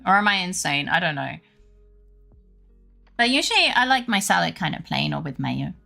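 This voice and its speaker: A woman's voice: fairly low pitch, very animated, normal speed, gravelly, bright, forceful tone, faint music behind. A woman streamer chatting casually with her viewers, rambling and laughing often.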